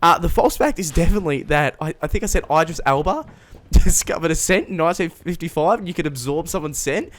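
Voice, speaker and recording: A man's voice: on the high side, animated, fast, fairly bright tone, slight background noise. A young man telling a rambling, self-mocking story in a casual comedic vlog, chuckling mid-sentence. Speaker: vlogger.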